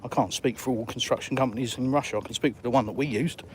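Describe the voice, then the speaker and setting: A man's voice: medium pitch, fast, a little hiss or hum. A man from England with a southern English accent, chatting bluntly and with dry humor while live streaming outdoors and answering viewers. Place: outdoors by the coast.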